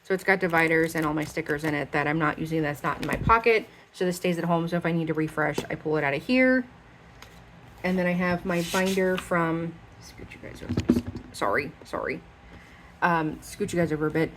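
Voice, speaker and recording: A woman's voice: low voice, fairly quick, noisy background. A young woman chatting casually as she shows off her planners, rambling with lots of fillers. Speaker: planner vlogger. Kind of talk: casual show-and-tell chat.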